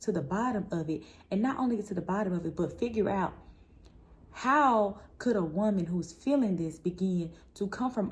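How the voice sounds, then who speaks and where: A woman hosting a motivational podcast, talking in an emphatic, playful and conversational way with slang, and easing into soft, earnest encouragement. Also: on the low side. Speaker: podcast host.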